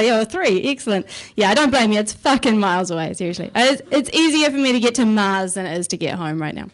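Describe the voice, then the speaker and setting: A young woman with a New Zealand accent doing a stand-up comedy set, wry and sarcastic, swearing casually. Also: fairly high pitch. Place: comedy club stage.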